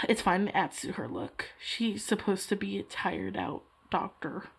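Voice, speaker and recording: A woman's voice: medium pitch, measured pace, creaky, a bit bright, breathy edge. A young woman chatting casually while she draws, rambling and self-deprecating. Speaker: hobby artist vlogger. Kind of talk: casual chat while drawing.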